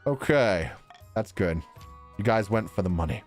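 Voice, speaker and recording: A man's voice: fairly low pitch, lively intonation, measured pace, pauses often, soft background music. Joking, profane man streaming a game. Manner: joking, profane, laughs a lot. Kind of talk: casual game-stream commentary.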